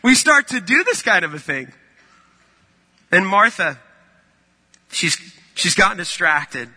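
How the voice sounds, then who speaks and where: A man's voice: high-pitched, sing-song, takes it slowly, bright, forceful tone, slightly rough, in a large hall. A man preaching a sermon in a conversational, storytelling way. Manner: conversational, storytelling with acted-out quotes.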